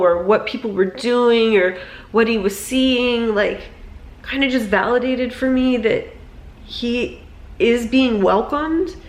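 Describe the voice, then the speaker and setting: A woman's voice: mid-range voice, reverberant. A young woman talking in a rambling, emotional way, filling her speech with "like" and "um", in a personal vlog. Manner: emotional, rambling, many fillers. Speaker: vlogger.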